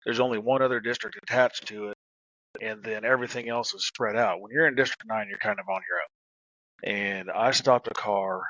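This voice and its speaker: A man's voice: mid-range voice, normal speed, pushed and bright, dry recording, dull audio. A middle-aged man and former police officer, casually telling stories on a podcast, laughing and swearing as he goes. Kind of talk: casual storytelling.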